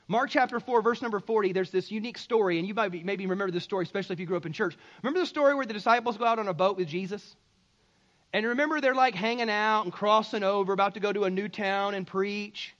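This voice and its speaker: A man preaching a sermon in a conversational, emphatic way, with sudden loud bursts. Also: high-pitched, highs cut off. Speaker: pastor.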